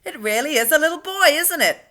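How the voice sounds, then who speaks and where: A woman's voice: sits high, lively intonation, brisk, sharp tone, pitched above the performer's own voice. A woman doing a blustering fire chief. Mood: astonished. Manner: stern and blustering. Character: grim, wary male fire chief.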